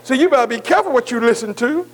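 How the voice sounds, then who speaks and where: A man preaching a sermon, who keeps asking his listeners "am I right?" and slowly spells out key words letter by letter. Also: very high voice, expressive, rough recording. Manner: asks the congregation "am I right?" again and again.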